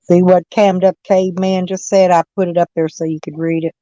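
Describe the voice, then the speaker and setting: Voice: medium pitch, little pitch movement, fairly quick, dark tone, dry recording, lo-fi sound. A person telling a story in casual livestream chat, rambling and stumbling over restarts.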